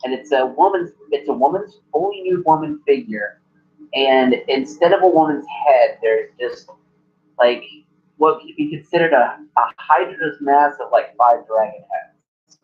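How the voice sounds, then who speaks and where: A man narrating as game master in a halting way, filling gaps with "like". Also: medium pitch, lively intonation. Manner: halting, many "like" fillers. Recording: muffled lo-fi recording.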